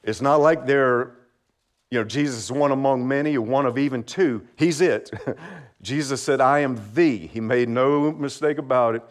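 A man's voice: mid-range voice, moderate pace. A man preaching a simple sermon, friendly and encouraging, asking the congregation to repeat words back and laughing lightly between points. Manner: friendly, asks for call-and-response, laughs often. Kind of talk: children's sermon.

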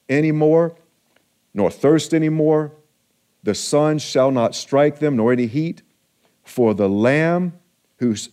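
A man pastor preaching an earnest, encouraging sermon, slowing down for emphasis. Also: medium pitch, dark tone.

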